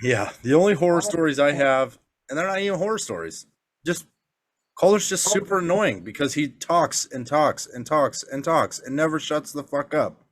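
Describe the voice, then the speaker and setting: A man's voice: on the high side, normal speed. A man co-hosting a podcast, a father telling profane stories in casual chat and acting out the quotes. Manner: animated, profane storytelling with acted-out quotes. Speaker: podcast co-host.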